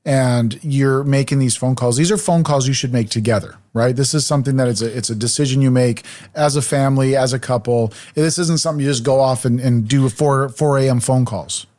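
A man's voice: medium pitch, fairly even intonation, a little fast, few pauses, a little mellow. A man hosting a radio talk show, upbeat and plugging the sponsor in a sing-song way. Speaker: radio host. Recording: music bed behind.

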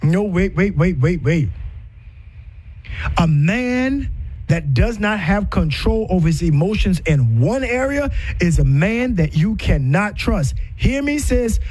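A man's voice: sits high, very animated, takes it slowly, darkish tone, husky. A middle-aged man giving relationship advice in an impassioned, preaching style, repeating himself for emphasis and asking rhetorical questions.

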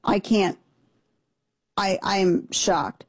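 A woman's voice: mid-range voice, fairly even intonation, drawn-out words, slightly rough, no echo. A woman hosting a commentary show, talking in an indignant, sarcastic way. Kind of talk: opinion commentary.

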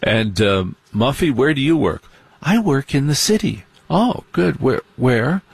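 Snooty, prissy young preppies, put on by a man in a stand-up routine, squeaking their questions well above his usual low voice. The tone stays husky and the sound dry and close, with no room around it. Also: sing-song, unhurried, no room sound, heavily acted. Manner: prissy, gasping, repeating questions. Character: snooty young preppy party-goers, shocked.

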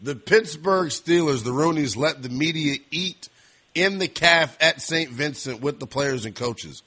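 A young man hosting a sports call-in radio show, chatting casually and teasing callers with quick jokes. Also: fairly high pitch, expressive, sharp tone, husky. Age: young adult. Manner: joking, teasing, quick asides.

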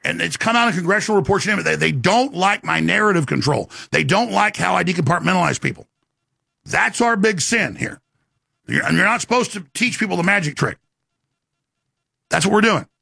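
A man hosting a talk show, delivering an emphatic rant and sales pitch with sudden swings in pitch. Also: expressive, a little fast, gravelly, sharp tone, no echo.

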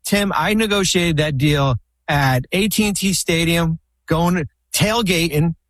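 A man's voice: on the high side, unhurried, a bit bright, dry recording. A man guest on a talk show telling long, rambling anecdotes with many restarts and fillers. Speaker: podcast guest, former basketball team executive. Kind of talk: casual storytelling chat.

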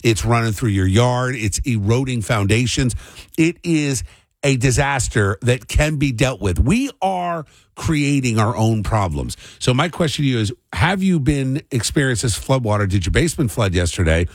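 A man's voice: mid-range voice, moderate pace, no echo. A middle-aged man hosting a morning radio talk show, telling rambling stories and ranting. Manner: rambling, animated storyteller who rants. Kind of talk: morning radio banter and commentary.

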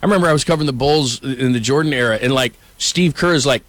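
A middle-aged man, a sports journalist and co-host, telling stories in casual sports talk with quick asides. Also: medium pitch, no echo. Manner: animated storyteller, quick asides.

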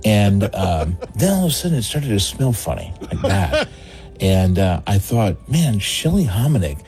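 A man's voice: fairly low pitch, measured pace. A comedian, calling in and telling a story with lots of animation, laughing as he acts out the people in it. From Texas, USA. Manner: animated, laughing through his own story, acting out quoted voices. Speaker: comedian calling in to a radio show. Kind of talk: storytelling on a phone call. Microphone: phone call.

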